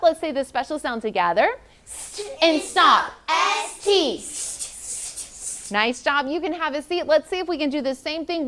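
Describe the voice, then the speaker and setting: This teacher's voice sits high. She's guiding children through phonics, pronouncing letters slowly and offering them encouragement.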